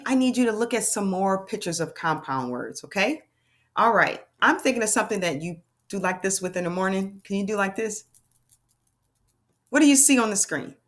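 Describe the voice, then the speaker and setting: A woman teaching a children's phonics lesson, upbeat and sing-song, slowly sounding out and modeling words. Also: mid-range voice. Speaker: reading teacher.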